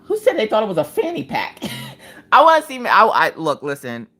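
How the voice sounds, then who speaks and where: A woman hosts a casual crafting livestream from home, chatting and telling rambling stories. Her voice sits on the lower side, yet it swoops up and down expressively as she goes. She talks loosely, full of "like" fillers and restarts. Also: moderate pace. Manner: rambling, animated storytelling with frequent "like" fillers. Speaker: livestream host. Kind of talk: casual live chat while crafting.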